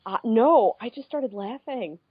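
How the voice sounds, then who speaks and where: A young woman in her twenties, co-hosting a podcast and telling a story in casual chat, animated and peppered with swearing and fillers. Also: a little high, unhurried, breathy edge. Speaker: podcast co-host. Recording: dull lo-fi podcast audio.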